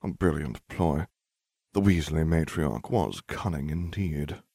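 A man narrating a first-person story with a dry, deadpan manner. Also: rumbling low, slow pace, creaky, no room sound. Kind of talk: reading fan fiction aloud.

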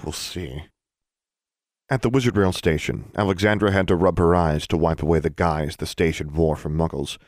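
A man narrating a fantasy novel for a podcast in a steady, even reading style. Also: deep voice, brisk, few pauses, no room sound, studio quality. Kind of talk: scripted narration.

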